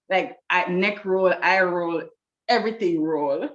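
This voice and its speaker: A woman telling a lively personal story, acting out the voices of people she quotes, with a slightly dull recording. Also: mid-range voice, a little slow. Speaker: guest telling her love story. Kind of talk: animated storytelling.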